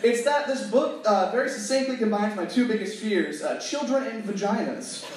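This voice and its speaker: A young man performs stand-up in a high voice with a halting, self-mocking delivery full of pauses. He is heard from a distance in a very echoey room. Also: lively intonation, slight background noise. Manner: halting, self-deprecating, many "uh"s. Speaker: stand-up comedian. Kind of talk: stand-up comedy. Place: small stage before a live audience. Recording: echoey room, far-off mic.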